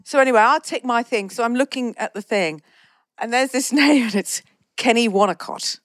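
A woman's voice: fairly high pitch, normal speed, no room sound. A woman guest on a chat podcast, telling stories with energy and acting out the voices of people she quotes. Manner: lively storyteller who acts out quoted voices. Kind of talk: animated anecdote in casual chat.

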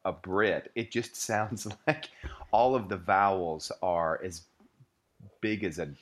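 A man co-hosting a casual book-discussion podcast, playful and quick to chuckle. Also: low-pitched. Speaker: podcast co-host.

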